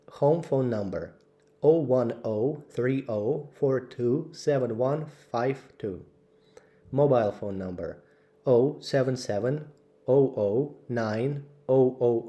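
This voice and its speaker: A man slowly reading out English vocabulary lists for learners, word by word with clear pauses. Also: medium pitch, dark tone, highs cut off. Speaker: English teacher. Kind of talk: slow vocabulary drill.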